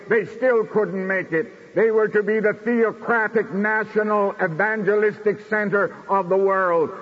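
A man preaching a sermon in a measured, declamatory way, slowing down for emphasis. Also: sits high, husky. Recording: dull recording in a reverberant hall.

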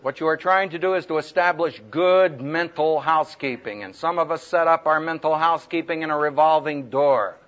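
A man giving a humorous, lively talk to students on how to preach, acting out the voices he quotes. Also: on the high side, normal speed, few pauses. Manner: animated, humorous, acts out quoted voices loudly. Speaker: preacher teaching speaking skills. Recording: dull lo-fi recording.

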